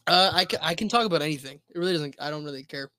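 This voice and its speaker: A man's voice: a little high, rapid-fire, sharp tone, no echo. A man in his twenties as a podcast guest, laid-back with crude humor. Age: 20s. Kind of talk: casual podcast interview.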